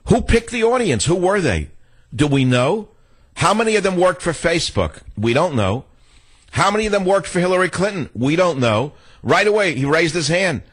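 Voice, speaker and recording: A man's voice: sits high, big pitch swings, normal speed, slightly rough. An older man hosting a political talk radio show, ranting in a combative, sarcastic way.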